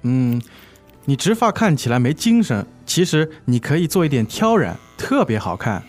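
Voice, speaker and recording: A persuasive hairdresser, played by a man in a scripted lesson dialogue, coaxing his customer toward extra treatments. His voice has a lively, animated pitch. Soft music runs behind him. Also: moderate pace, lightly acted. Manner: coaxing, salesy.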